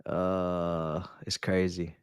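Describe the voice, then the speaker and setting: A young man chatting casually on a football watch-along stream, joking and laughing in slang and erupting loudly at near-misses. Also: sits low, level tone, very slow, smooth, no echo, clean studio sound. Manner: laughing, nostalgic banter with slang, loud bursts at near-misses.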